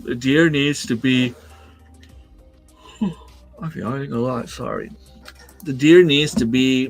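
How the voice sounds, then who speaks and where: A man hosting a casual livestream from home, chatting with viewers and answering their comments in a rambling way, with lots of fillers and restarts. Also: medium pitch. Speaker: livestream host. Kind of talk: casual live-chat reading comments. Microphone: desk microphone.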